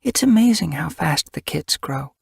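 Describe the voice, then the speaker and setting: A man voicing an anxious female medicine cat in an audiobook, urgent and sharp when she scolds. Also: on the high side, expressive, normal speed, gravelly, breathy edge, dry recording, clean studio sound, pitched above the performer's own voice, full character voice. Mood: gentle. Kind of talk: audiobook character voice.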